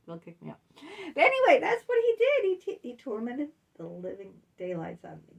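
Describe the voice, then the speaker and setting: Chatty woman with a gravelly voice. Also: fairly low pitch, far from the mic. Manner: chatty and candid, laughs between lines. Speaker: author and vlogger. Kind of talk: casual storytelling vlog.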